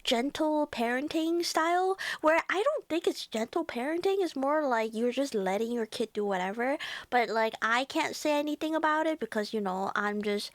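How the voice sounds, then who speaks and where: A woman's voice: a little high, no room sound. A young woman streamer chatting casually with her live viewers, laughing often and greeting chat by name.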